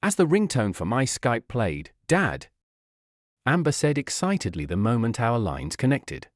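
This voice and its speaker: A man narrating a first-person story in an expressive reading voice. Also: medium pitch, moderate pace, no room sound, clean studio sound.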